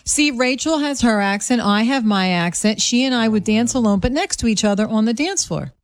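A woman's voice: fairly high pitch, animated, brisk, no room sound. Playful woman co-host bantering on radio. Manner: playful, joking.

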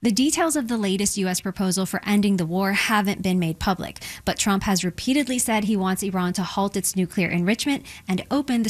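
Woman reporter filing a story, steady and even, mid pitch. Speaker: foreign correspondent. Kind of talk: news report.

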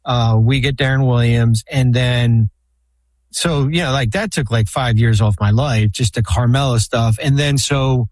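A man's voice: mid-range voice, a little slow, no echo. A man guest on a talk show telling long, rambling anecdotes with many restarts and fillers. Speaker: podcast guest, former basketball team executive. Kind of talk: casual storytelling chat.

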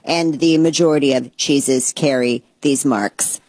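A vlogger doing a flat, dry robot voice to read out facts in a slow monotone. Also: medium pitch, no echo, pitched below the performer's own voice, close to an everyday voice.

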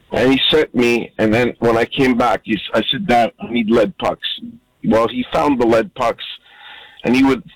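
A man's voice: fairly low pitch, no room sound, rough recording. A man in his sixties from Montreal, calling in to a radio show and telling a heartfelt, rambling story. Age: 60s. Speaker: caller. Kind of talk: call-in storytelling.

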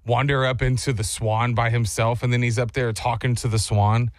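Animated storytelling man, dry studio sound. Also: mid-range voice, moderate pace, no echo. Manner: animated, acts out voices in his stories. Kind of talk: casual storytelling chat.

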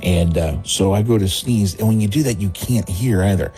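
A man's voice: on the low side, moderate pace, faint music behind. A comedian, calling in and telling a story with lots of animation, laughing as he acts out the people in it. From Texas, USA. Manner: animated, laughing through his own story, acting out quoted voices. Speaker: comedian calling in to a radio show. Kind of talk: storytelling on a phone call. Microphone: phone call.

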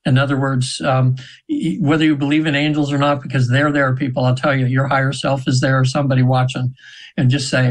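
A man's voice: mid-range voice, fairly even intonation, brisk, low-quality recording. Rambling earnest man in his seventies. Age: 70s. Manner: rambling and earnest, with frequent restarts and retold quotes. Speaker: radio guest. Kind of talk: spiritual storytelling in a radio interview. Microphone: radio interview mic.

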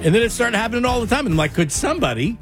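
A man's voice: extremely high pitch, expressive, rapid-fire, gravelly. A man co-hosting a radio show, telling self-mocking stories with lots of animation. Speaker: radio co-host. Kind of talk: casual radio banter. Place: radio studio. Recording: dry studio sound with faint music.

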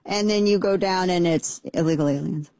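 Talk show host, casual comedic commentary, excitable, jokey, mellow dark voice, dry close sound. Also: normal speed, no echo. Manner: excitable, jokey, leaps up in pitch when mock-excited.

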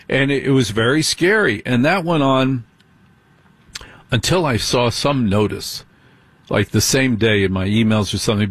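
A middle-aged man hosts a late-night radio show in a husky voice at an ordinary pitch. He chats with listeners, repeats his points and asks them direct questions. The studio sound is close and dry. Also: animated, normal speed, a bit bright, no echo. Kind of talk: talk radio monologue. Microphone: studio microphone.

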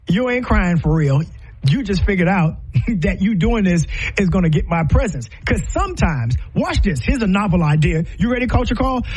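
A middle-aged man hosting a talk show delivers impassioned, preacher-like commentary. His voice is husky and sits fairly high, and it swings widely in pitch as he builds through rhetorical questions and repeated lines. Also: a little mellow.

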